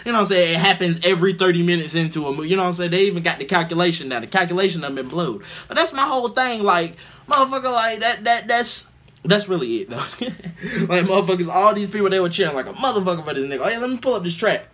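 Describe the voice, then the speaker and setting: A man hosting his own video, telling a story in a slangy, profane, animated way. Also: high-pitched, fast, music in the background. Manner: slangy, profane, animated, acts out crowd reactions. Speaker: video host. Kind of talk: casual storytelling rant.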